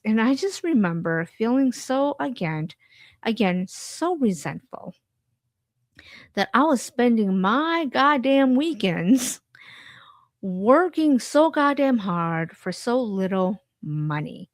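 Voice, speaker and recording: A woman's voice: fairly high pitch, lively intonation, a little slow, no echo. A woman podcast host and therapist in training, telling a personal story in an emphatic, candid way. She repeats key points and swears now and then.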